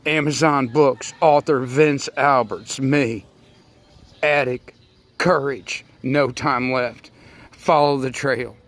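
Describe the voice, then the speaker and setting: A man giving a rambling, impassioned monologue, speaking straight to his listeners and swinging between loud outbursts and near murmurs. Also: mid-range voice, fairly even intonation, takes it slowly.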